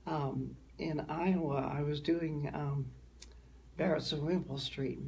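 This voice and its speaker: An older woman from the American Midwest, a guest actress telling animated stories in a conversational interview. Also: low-pitched, unhurried, vocal fry, husky. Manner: storytelling, animated.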